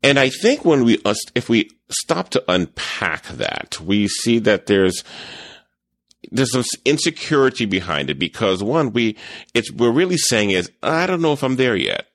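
A man's voice: fairly low pitch, unhurried, no room sound, clean studio sound. A man hosting a podcast, talking casually and rambling with restarts and stutters, sometimes acting out what others said. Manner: animated, acts out quoted voices. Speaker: podcast host and photography teacher.

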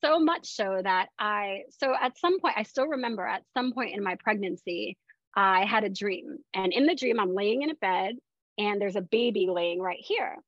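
A woman from Florida telling her story as a podcast guest in a chatty, animated way with lots of fillers. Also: mid-range voice, normal speed, no room sound. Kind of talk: casual personal storytelling. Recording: dull, dry lo-fi sound.

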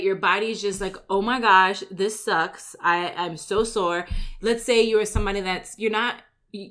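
A woman who runs a gym, giving a casual motivational talk full of "like" and "right?" and acting out everyday complaints. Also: medium pitch. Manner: chatty, fills with "like" and "right?"; acts out everyday complaints in quick asides. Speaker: gym owner and coach.

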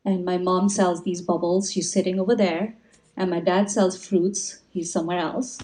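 A woman's voice: lowish voice, steady tone, moderate pace, darkish tone, lightly acted, low-quality recording. A woman voicing an eager, thoughtful eight-year-old boy who sells bubbles on the street, speaking earnestly. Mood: cheerful.

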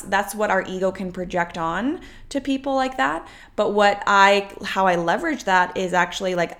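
Young adult woman, slightly low voice, podcast coach, chatty, upbeat and emphatic, fillers everywhere. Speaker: podcast host and business coach. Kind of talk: casual motivational monologue.

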